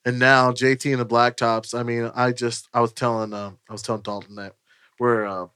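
Brief: loud, foul-mouthed male musician guest, restarts sentences, dead-dry studio sound. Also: mid-range voice, level tone, a little fast, clear, resonant tone, no room sound. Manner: loud, profane, jokey, trips over words. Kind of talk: casual podcast chat.

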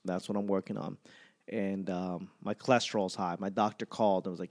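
A man's voice: deep voice, steady tone, brisk. A man in his thirties hosting a casual solo podcast, rambling and self-mocking with plenty of swearing. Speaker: podcast host.

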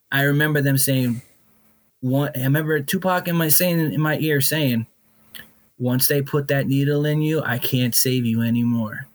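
A middle-aged man telling a candid personal story as an interview guest, blunt and profane, with animated, restless storytelling. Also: medium pitch.

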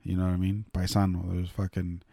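A man's voice: sits low, flat delivery, fast, gravelly, dark tone, dry recording, studio quality. A man from Northern California telling a casual, rambling story, swearing freely and using many fillers.

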